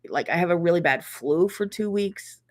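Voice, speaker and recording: A middle-aged woman hosting a casual live chat, reading viewer comments and reacting warmly and chattily. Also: lowish voice, normal speed. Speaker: quilting channel host.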